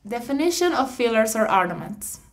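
A woman narrating an instructional audiobook, reading definitions in a measured, explanatory way. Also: a little high, very animated. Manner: measured, explanatory reading with slightly awkward phrasing.

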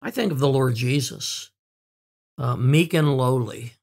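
A man preaching a sermon in an earnest way, with fillers and repeated words, slowing down to stress key words. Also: medium pitch, creaky, a little mellow. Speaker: pastor.

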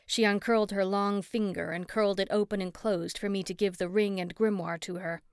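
Expressive woman audiobook narrator, dry sound. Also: mid-range voice, brisk, clean tone, no room sound. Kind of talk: first-person scripted narration.

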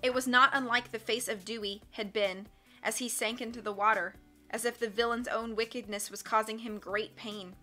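Bright-voiced woman reading a storybook. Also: on the high side, fairly even intonation, moderate pace. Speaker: audiobook reader. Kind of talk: storybook narration. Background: faint music.

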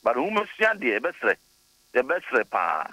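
A man's voice: medium pitch, wildly swooping pitch, slow, no echo, low-quality recording. A man from Ghana, a deputy education minister, telling stories earnestly as a radio interview guest. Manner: earnest storytelling, warmly praising.

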